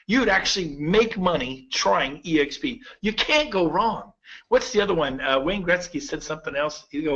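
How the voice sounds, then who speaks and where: A man in his fifties giving a persuasive sales pitch to real estate agents, telling stories with quoted dialogue. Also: expressive, fairly quick, a bit bright, lo-fi sound. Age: 50s.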